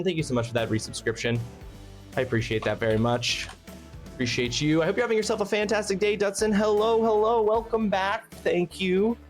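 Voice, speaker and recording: A man hosting a casual charity stream, rambling and thanking his chat by name, snacking between words. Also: a little high. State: eating while talking.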